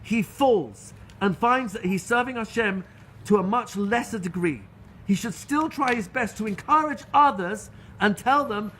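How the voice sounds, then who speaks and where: A middle-aged rabbi giving a Torah lecture, telling stories in an earnest, animated way with frequent restarts. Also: male voice, high voice, a little slow, a little hiss or hum. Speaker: rabbi teaching a class.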